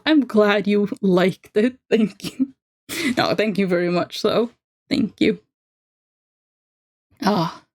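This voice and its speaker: A young woman livestreams while drawing, chatting casually, making self-deprecating remarks, and laughing often. Her voice is medium-pitched with a darkish tone.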